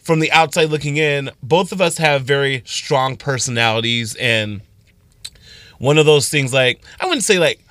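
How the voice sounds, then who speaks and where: A man's voice: medium pitch, moderate pace, dry recording. A man co-hosting a radio show, talking casually and animatedly, acting out what he and his partner said. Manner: animated, laughing, acts out quoted lines. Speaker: radio co-host.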